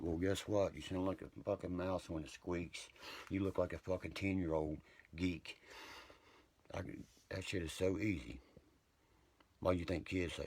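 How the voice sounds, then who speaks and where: A man with a very deep, gravelly and husky voice, ranting on a livestream. He swears freely, picks fights with his viewers and rambles from one point to the next. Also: steady tone, measured pace, pauses often, a little mellow. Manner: profane, combative, rambling.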